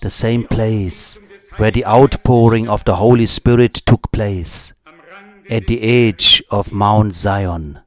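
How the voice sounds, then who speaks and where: A man preaching a sermon, speaking deliberately with long pauses and repeated phrases for emphasis. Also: on the low side.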